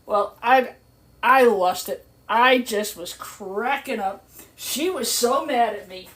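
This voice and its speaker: Taking it slowly in a slightly high voice, an older woman hosting a live stream works while telling a long, chatty story. She laughs often and gets expressive when she quotes others. There's background noise with clicks, but the sound is clear.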